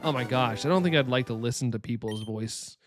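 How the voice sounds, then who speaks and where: A man with a light Southern US accent, casually chatting with his stream's viewers, upbeat and quick to laugh. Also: mid-range voice, music in the background. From Southern United States. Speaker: live-stream host. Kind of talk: casual live-stream chat, reading chat.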